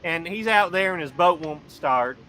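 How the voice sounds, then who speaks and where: A man's voice: high-pitched, expressive, moderate pace, a crowd in the background. A man co-hosting a podcast, rambling and cursing in casual chat, laughing often. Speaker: podcast co-host.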